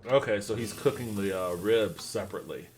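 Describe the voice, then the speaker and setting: A man hosting a livestream, giving animated, casual reaction commentary that rambles and swears. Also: on the low side, brisk. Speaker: livestream host.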